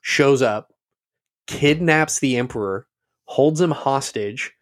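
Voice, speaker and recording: A man in his middle register talks loosely and profanely in an easygoing chat. He gets animated when he tells a story, mimicking the people he quotes. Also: mid-range voice, slow pace. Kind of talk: casual chat.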